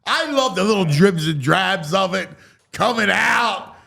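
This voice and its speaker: A hyped-up male sports host with a high, bright, sharp voice. His pitch leaps around all over the place, and there is a gravelly fry under his words. He gushes loudly about everything. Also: lively intonation, a little slow. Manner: gushing, loud, hyped-up. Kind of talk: excitable sports talk.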